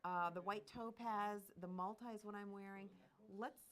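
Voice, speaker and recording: A woman hosting a live jewelry shopping show, enthusiastically pitching pieces and prices. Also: fairly even intonation, normal speed, fairly bright tone. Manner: bubbly, enthusiastic, gushes over pieces and prices.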